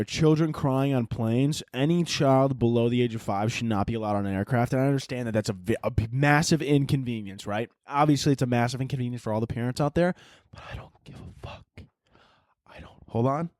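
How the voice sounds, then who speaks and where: A man's voice: medium pitch, a little mellow, dry recording, clean studio sound. A young man hosting his own podcast, ranting casually with lots of swearing and laughing at his own jokes. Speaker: podcast host. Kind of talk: casual solo rant.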